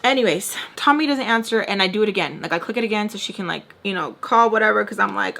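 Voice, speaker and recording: Woman vlogger, animated casual storyteller, swears freely. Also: mid-range voice, fast talker, creaky, hardly any pauses.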